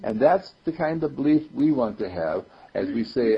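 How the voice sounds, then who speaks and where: Brief: man spiritual teacher, raspy gravelly voice, lively swooping delivery, chuckles, dull lo-fi tape. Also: mid-range voice, normal speed. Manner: playful, chuckling, repeats affirmations. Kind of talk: informal sermon to a group. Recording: dull lo-fi recording.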